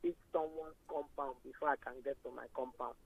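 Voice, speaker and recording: A man's voice: medium pitch, fairly even intonation, brisk, gravelly. A man with a Nigerian accent calling in to a radio show, making insistent, emphatic complaints. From Akwa Ibom State, Nigeria. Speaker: caller. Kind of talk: phone-in call. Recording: tinny phone line.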